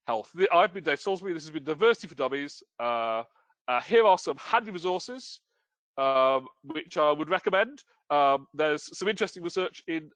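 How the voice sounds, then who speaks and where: A man's voice: fairly high pitch, fairly bright tone, dry recording. A British man presenting a webinar as a game store owner, talking casually with lots of fillers and self-deprecating humor. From United Kingdom.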